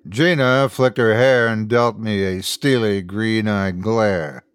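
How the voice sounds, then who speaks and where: A man's voice: lowish voice, unhurried, hardly any pauses, clear, resonant tone, dry recording. A man narrating a scripted horror story as host, in a dry, close recording. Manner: storytelling, expressive.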